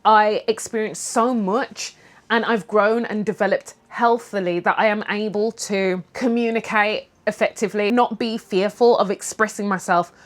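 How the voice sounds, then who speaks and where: Candid, lively British-born woman vlogger. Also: mid-range voice, normal speed. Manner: candid, animated, swears casually, acts out quotes. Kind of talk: casual sit-down chat over tea.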